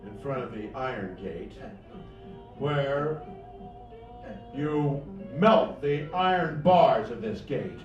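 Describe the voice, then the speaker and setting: A man telling a second-person fantasy story at a cafe open mic. He talks slowly and dramatically, swinging between hushed and loud. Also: medium pitch, animated. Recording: echoey room, far mic, dull, music behind.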